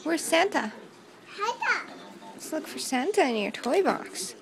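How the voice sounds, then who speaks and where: A woman's voice: high-pitched, big pitch swings, slow pace, gravelly, pauses often, background noise. A young woman filming her toddler at home, talking in a sing-song, cooing baby-talk voice and repeating words for the child.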